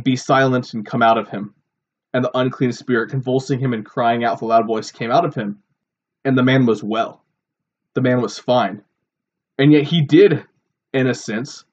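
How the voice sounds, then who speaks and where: A man's voice: medium pitch, a little mellow, breathy edge, lo-fi sound. A man giving a sermon-style Bible teaching, explaining earnestly and posing rhetorical questions. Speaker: preacher.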